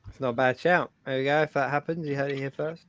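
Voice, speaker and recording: A man hosting a casual live-stream chat, relaxed and steering the talk between topics. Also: mid-range voice, fast talker, a little hiss or hum. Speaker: show host. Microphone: video call.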